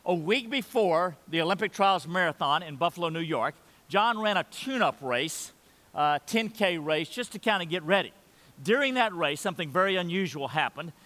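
A man's voice: sits high, expressive, moderate pace, pushed and bright, in a large hall. An older man in his sixties preaching a sermon in a church, earnest, repeating phrases and leading the congregation in saying lines aloud. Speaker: pastor.

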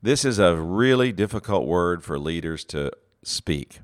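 A man's voice: sits low, animated, a little slow. A man giving a teaching talk on leadership, earnest and full of fillers and restarts, acting out example phrases.

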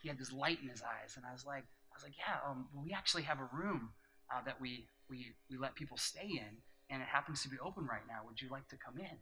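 Bright-voiced pastor preaching with rising emphasis. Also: male voice, medium pitch, quick pace, rough recording. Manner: earnest storytelling, drops soft for the story and rises to emphatic preaching. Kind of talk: sermon with personal story.

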